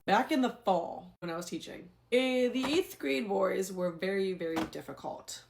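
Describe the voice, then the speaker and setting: A young adult woman, a former teacher, telling a story in a casual, animated, exasperated way. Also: medium pitch, moderate pace, creaky, slight background noise.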